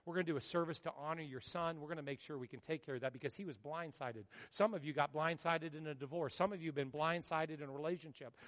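A male pastor preaching a sermon, swinging from hushed storytelling to loud, dramatic outbursts. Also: a little high, big-room sound.

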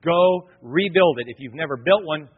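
A husky, fairly high-voiced man preaching a sermon, talking straight to his congregation and slipping in street slang. His voice rings with a long hall reverb, and the recording sounds dull and lo-fi. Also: moderate pace. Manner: lively preaching with casual slang and acted-out quotes. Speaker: pastor.

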